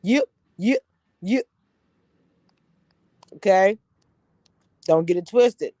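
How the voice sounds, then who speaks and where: A woman's voice: mid-range voice, animated, extremely slow, warm tone, no room sound, poor audio. A woman from Louisiana hosting a casual livestream, chatting with viewers in a sassy, playful, teasing way and laughing often, talking into a phone with headphones on. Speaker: reality TV reviewer, livestream host.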